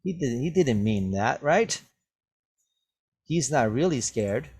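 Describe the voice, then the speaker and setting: A man teaching an English vocabulary lesson at a very slow, unhurried pace. His voice sits at an ordinary middle pitch, and he keeps stopping to ask "right?" and "okay?" so that each point lands before he moves on. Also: lively intonation, darkish tone, husky. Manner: slow, patient, checks understanding with "right?" and "okay?".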